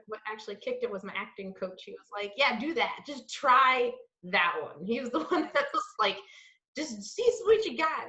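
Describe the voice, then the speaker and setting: A woman's voice: mid-range voice, a bit bright. A woman voice actress in casual podcast chat, bubbly and laughing often. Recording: echoey room, dull lo-fi sound.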